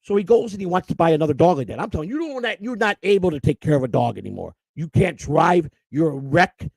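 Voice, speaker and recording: High-voiced man telling a rambling story. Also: sing-song, quick pace, vocal fry, a little mellow, no echo, clean studio sound. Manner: emotional, repeats and restarts words, vents. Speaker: host. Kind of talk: rambling personal storytelling on a live stream.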